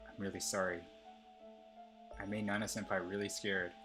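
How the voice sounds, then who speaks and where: Man voicing a clingy obsessive schoolgirl stalker, text messages read aloud, low-pitched, bright, flat delivery. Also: normal speed, soft background music.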